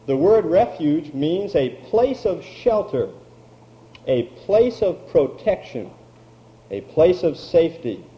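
Slow, animated male preacher. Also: high-pitched, muffled recording. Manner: slow, emphatic preaching with drawn-out words. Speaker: pastor. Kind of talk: sermon.

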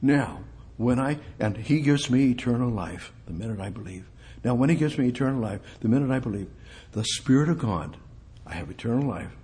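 A man delivering a sermon and reading Bible verses aloud. He presses his points by repeating short phrases and putting questions to his listeners. His voice rises into loud exclamations and then drops to quiet asides. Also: expressive, fairly quick. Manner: swings between loud exclamations and low asides. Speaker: preacher.

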